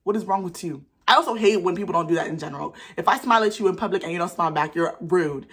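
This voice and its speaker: A young woman, telling stories to camera in a casual vlog in an animated, sassy way. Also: breathy edge. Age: young adult. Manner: animated, sassy, talks fast with sudden jumps in pitch. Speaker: vlogger.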